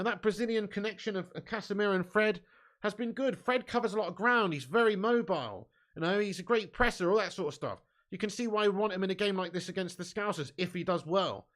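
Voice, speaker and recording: A high-pitched, slightly bright male voice belongs to a fan channel host running a live match watch-along. Reading viewers' chat, he trades blunt, sweary football banter in a chatty way, sprinkling in "mate" and "bud" often.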